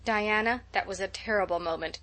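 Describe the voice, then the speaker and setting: Audiobook: woman reading a dramatic, gushing girl, mid-pitched voice. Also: fairly quick, a bit bright, natural voice. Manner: gushing, breathless storytelling. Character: chatty imaginative young girl, dramatic and excitable.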